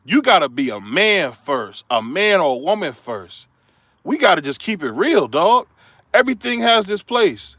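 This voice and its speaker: Fiery, confrontational man ranting with lively pitch. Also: brisk, no echo. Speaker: commentary show host. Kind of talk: heated opinion rant.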